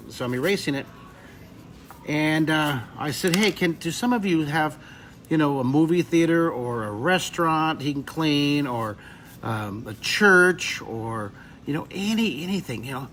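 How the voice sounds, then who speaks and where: A man's voice: on the high side, fairly bright tone, a little hiss or hum. A man in his fifties teaching drawing on a live webcast, rambling into emotional stories between drawing steps. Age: 50s.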